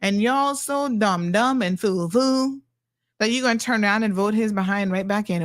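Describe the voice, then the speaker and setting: A woman's voice: mid-range voice, normal speed. A middle-aged woman hosting a talk show, blunt and sassy as she reacts to viewer comments.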